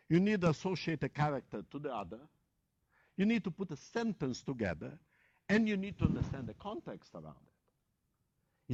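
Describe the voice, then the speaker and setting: A man's voice: medium pitch, a little mellow, no room sound. Man lecturing in a dull, dry recording. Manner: digressive, self-correcting, restarts mid-word. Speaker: university professor. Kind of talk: classroom lecture.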